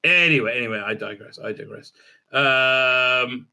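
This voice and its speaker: A man's voice: medium pitch, unhurried, gravelly, sharp tone. A man reviewing a TV episode in a casual, rambling recap, mocking and sarcastic about what he watched. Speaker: show reviewer.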